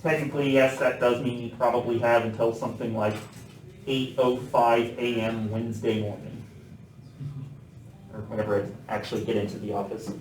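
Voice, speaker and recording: A man lecturing a math class in a relaxed, joking manner with frequent fillers. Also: mid-range voice, normal speed, slight background noise. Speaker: math professor. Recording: echoey classroom, mic some distance off.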